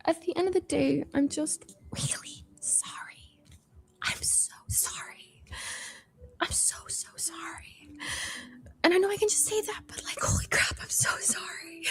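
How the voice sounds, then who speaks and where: A woman giving a halting, emotional apology, full of fillers and trailing into whispers. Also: very high voice, fairly bright tone. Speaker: streamer apologizing in a video.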